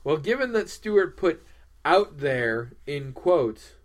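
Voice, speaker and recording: A man co-hosting a podcast in casual chat, playful and deadpan as he jokes. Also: on the high side, slow pace. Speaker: podcast co-host.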